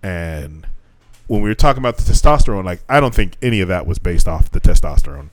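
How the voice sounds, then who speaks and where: A man co-hosting a casual podcast chat, telling animated teaching stories, swearing freely and acting out quotes. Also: low voice, fast, no echo.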